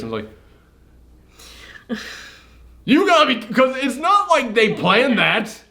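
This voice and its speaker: Guy hosting a movie reaction, animated, laughs a lot, kinda higher voice. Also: measured pace, pauses often. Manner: animated, laughs often, acts out scenes. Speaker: host. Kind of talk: casual movie reaction chat.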